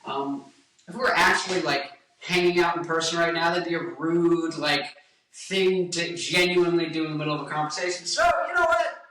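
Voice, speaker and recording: A man's voice: fairly high pitch, fairly even intonation, normal speed, sharp tone, recorded from a distance. A man in his twenties, a singer and guitarist, chatting to camera in a rambling, self-interrupting, joking way. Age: 20s. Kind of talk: casual chat to camera. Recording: echoey room, away from mic, faint music.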